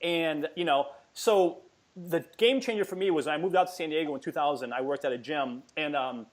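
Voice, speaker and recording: A man in his forties telling a story as a podcast guest in an energetic, emphatic way, often repeating words. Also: fairly high pitch, brisk. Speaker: podcast guest, fitness entrepreneur. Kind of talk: casual storytelling interview.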